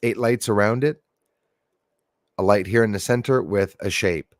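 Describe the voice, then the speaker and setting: A man with a Canadian accent hosting a livestream, telling his story with animated exclamations that build to near shouts. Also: lowish voice, moderate pace, no room sound, studio quality. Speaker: livestream host.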